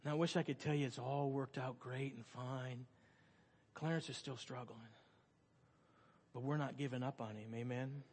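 A middle-aged male pastor telling a story in a sermon, swinging from loud excited storytelling to soft hushed tones. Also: medium pitch, normal speed. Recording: long hall reverb.

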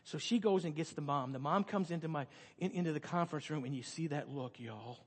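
A middle-aged pastor delivers a sermon packed with stories, his brisk, husky voice pitched a little high for a man. He alternates between loud, excited retellings and soft, hushed passages, and a long hall reverb trails after his words.

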